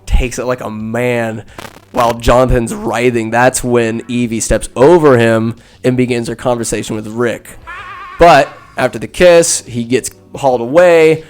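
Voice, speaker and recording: A man's voice: medium pitch, steady tone, a little slow, a little mellow. A man hosting a podcast, retelling a film in a rambling, profane, irreverent way and acting out the characters. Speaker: podcast host. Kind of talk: rambling comic movie recap.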